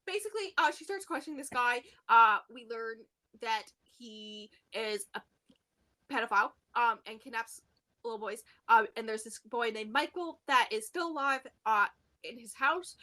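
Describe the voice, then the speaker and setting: A young woman co-hosting a podcast, animatedly retelling a book plot in casual chat. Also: unhurried. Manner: animated retelling, acts out quotes in a high squeal. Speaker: podcast co-host.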